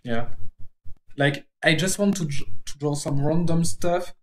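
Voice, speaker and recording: Drawing on a stream, a native French speaker chats casually in halting English with a French accent, frequently pausing to hunt for words. His voice is mid-range, and there's a slight hiss or hum.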